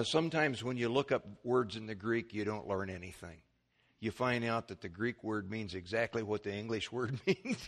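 A man preaching a sermon, teaching through scripture verse by verse, reading King James passages and growing excited over word meanings. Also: fairly high pitch. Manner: animated teaching, rising excitement on key points. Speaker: pastor.

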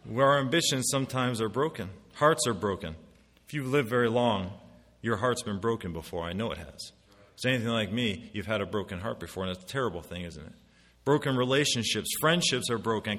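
A middle-aged man preaching a sermon as pastor, swinging between loud emphatic declarations and quiet confiding asides, on a pulpit mic in a church sanctuary. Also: fairly low pitch. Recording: long hall reverb.

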